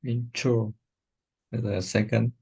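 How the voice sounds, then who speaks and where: Very low, husky, creaky-voiced woman. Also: level tone, warm tone. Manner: hesitant, repeats words slowly to try them out. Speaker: student. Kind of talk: practicing pronunciation in a lesson.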